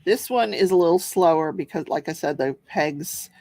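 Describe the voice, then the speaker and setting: A woman's voice: lowish voice, moderate pace, warm tone, no echo, clean studio sound. An older woman hosting a casual livestream, chatting and reading viewer comments aloud while she crafts, laughing often. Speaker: host of a crafting and true-crime talk show.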